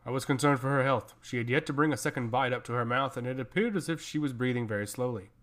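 A man's voice: mid-range voice, quick pace, fairly bright tone. Man reading a fantasy story aloud. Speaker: narrator.

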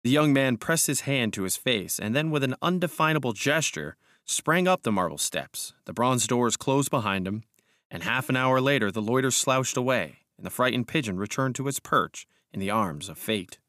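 A man narrating an audiobook in a measured, calm, steady way. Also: medium pitch, no room sound, studio quality. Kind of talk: scripted narration.

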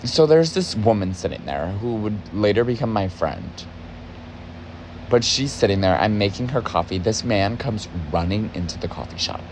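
A man's voice: on the low side, lively intonation, normal speed, a little mellow, a little hiss or hum. A young man telling a story in a casual, agitated way, cursing often for emphasis. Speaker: podcast host, former barista.

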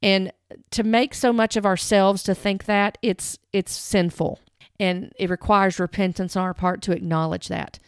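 Woman commentator, earnest and direct, smooth clear tone, dry close sound. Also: mid-range voice, steady tone, moderate pace, no room sound. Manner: earnest, direct, stressing words. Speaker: Christian commentator. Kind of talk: earnest commentary with read-aloud quotes.

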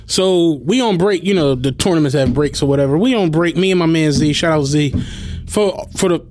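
Animated, high-voiced male podcast host. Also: fairly quick, a little hiss or hum. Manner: animated, profane, laughs often while telling a story. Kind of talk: casual chat, storytelling.

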